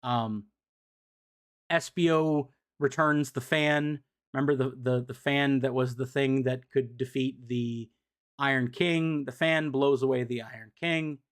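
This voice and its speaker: A man's voice: medium pitch, fairly even intonation, measured pace. A young adult man recapping comic books in a loose, profane, filler-heavy way as a streamer. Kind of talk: casual chat.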